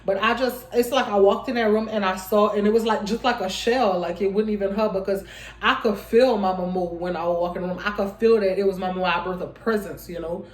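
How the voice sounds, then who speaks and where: Young woman vlogger, mid pitch, loose rambling delivery to camera, roomy echo. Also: fairly even intonation, brisk. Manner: rambling, restarts often, addresses viewers as y'all. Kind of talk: casual heartfelt vlog talk.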